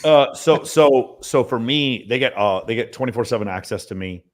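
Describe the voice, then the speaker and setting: A man talking as a podcast guest about his sales team, in an emphatic, profane, rapid-fire way. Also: mid-range voice. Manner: emphatic, profane, talks in long runs. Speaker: podcast guest, mentoring business owner. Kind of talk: casual podcast interview.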